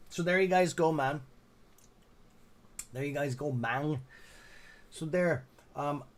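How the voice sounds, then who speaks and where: A man's voice: on the high side, takes it slowly. A man hosting a trading livestream, chatting casually with his chat, muttering and swearing at his computer as he tries to fix things. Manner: mutters and swears at the computer, then cheers on viewers. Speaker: livestream host.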